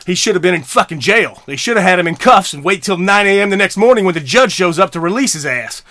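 A man's voice: high-pitched, expressive, fast talker, pushed and bright, no echo. A middle-aged man hosting a podcast, ranting angrily with heavy swearing and stammering restarts. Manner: profane, heated, stammering restarts. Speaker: podcast host. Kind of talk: angry solo rant.

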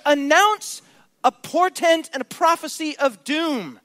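High-voiced emphatic male preacher. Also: moderate pace, a bit bright, dry recording. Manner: emphatic, rhetorical questions to the congregation. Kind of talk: sermon.

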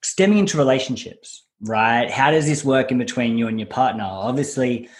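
A man's voice: mid-range voice, normal speed. A man co-hosting a podcast, explaining his views in an earnest way. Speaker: podcast co-host. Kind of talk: casual podcast chat.

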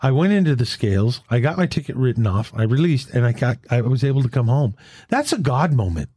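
A man's voice: medium pitch, brisk, breathy edge, no echo, clean studio sound. A man who leads a Catholic men's fellowship, sharing faith and retelling a roadside story with earnest conviction. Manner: earnest testimony, retelling dialogue in a lively back-and-forth.

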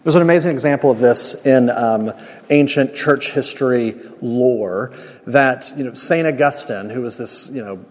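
A man's voice: mid-range voice, moderate pace, a little mellow. A man preaching a sermon as pastor, emphatic, repeating key phrases and adding light humor. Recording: long reverb of a large hall.

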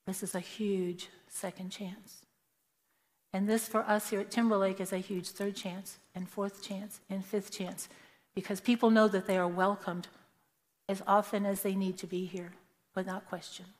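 A woman's voice: mid-range voice, flat delivery, moderate pace. A woman speaks to a church congregation in an earnest storytelling manner, now and then acting out the people she describes. Her mid-range voice rings with a long, hall-like reverb from the sanctuary. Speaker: church member giving a testimony. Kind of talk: prepared church talk with personal stories.

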